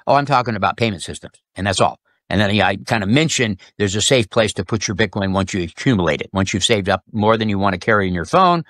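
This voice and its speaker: A man as an interview guest, telling sales stories in a lively way and acting out the people in them. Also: lowish voice, no echo, studio quality. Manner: animated, acts out quoted customers and bosses. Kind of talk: casual storytelling interview.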